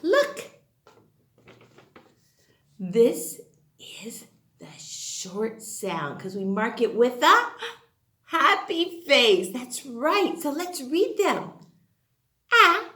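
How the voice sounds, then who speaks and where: A woman teacher speaks slowly and deliberately, stretching each word for young children. Her voice sits high and bounces up and down in a sing-song way. The room around her is echoey. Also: very animated, a bit bright. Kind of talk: early-grade phonics lesson.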